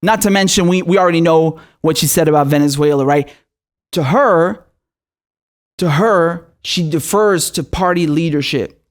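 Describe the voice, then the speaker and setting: A man's voice: a little high, normal speed. A man from Syria delivers an angry political rant as host of his own show. He is profane and sarcastic throughout, and full of fury. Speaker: political commentator.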